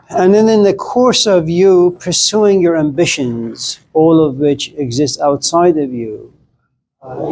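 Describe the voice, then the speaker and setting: A middle-aged man giving a philosophy lecture in a conversational, animated way, telling stories and acting out the people in them. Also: fairly high pitch, creaky, slight background noise, rough recording. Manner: conversational, animated, acts out quoted voices.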